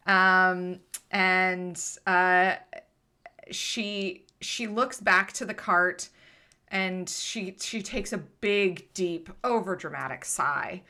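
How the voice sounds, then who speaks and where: A woman's voice: on the low side, extremely slow, pushed and bright. A woman game master narrating a tabletop game casually, with many hesitations.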